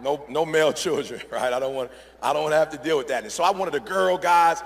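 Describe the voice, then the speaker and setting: Male motivational speaker, gravelly and high, emphatic and repetitive, large echoey hall. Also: quick pace, slight background noise. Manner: emphatic, repetitive, addresses crowd often. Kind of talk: motivational speech to a live audience.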